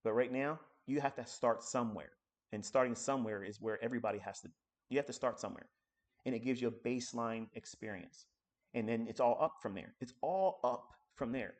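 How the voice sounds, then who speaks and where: This trading teacher rants on a live stream at a fairly quick pace, profane and combative, lurching between loud outbursts and muttered asides.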